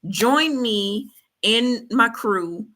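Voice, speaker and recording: Woman hyping folks up about God and self-care, repeats herself, casual slang, bright voice. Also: fairly high pitch, expressive, extremely slow. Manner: preachy, repetitive, colloquial. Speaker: host. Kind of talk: motivational faith talk.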